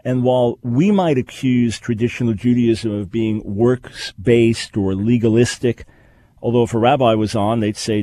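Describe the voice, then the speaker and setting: An earnest middle-aged radio host who explains things carefully. His voice is mellow, and the recording is dry and close. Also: mid-range voice, moderate pace, no echo. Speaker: radio talk show host. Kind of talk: call-in radio talk and teaching.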